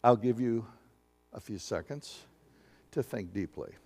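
A man preaching a sermon in a lively, conversational way, asking the congregation questions and acting out little voices. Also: lowish voice, a little slow, gravelly, slightly rough. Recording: long hall reverb.

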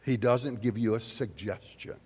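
A man preaching a sermon in an auditorium, drawing answers from the audience and swinging from loud declarations to hushed questions. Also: mid-range voice, normal speed, breathy edge, big-room sound. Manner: animated, questioning the audience, big swings in loudness. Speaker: pastor.

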